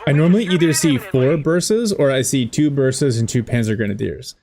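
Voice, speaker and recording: A man casting a strategy game replay in a relaxed way, thinking aloud with fillers and joking about himself. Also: mid-range voice, brisk, creaky. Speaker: game caster. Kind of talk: casual esports commentary over a replay. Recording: game battle sounds with gunfire and artillery behind.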